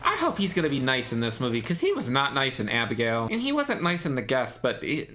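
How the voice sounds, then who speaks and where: Excitable, swearing man reacting to a film. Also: medium pitch, a little fast, noisy background. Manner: chatty, excitable, swears freely. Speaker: movie reaction host. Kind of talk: casual commentary over a film. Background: faint film soundtrack music.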